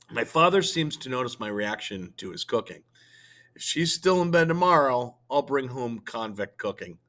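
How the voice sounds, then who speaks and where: A male teacher reads a novel aloud to his class, slowly and expressively, with fillers between phrases. His voice is bright and clear, and his pitch moves a great deal. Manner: slow, expressive reading with fillers. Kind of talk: reading a novel aloud to students.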